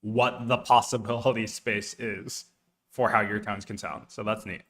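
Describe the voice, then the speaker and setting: A man's voice: on the low side, steady tone, normal speed, fairly bright tone. A man casually thinking aloud while studying, rambling with lots of fillers. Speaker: streamer studying a language.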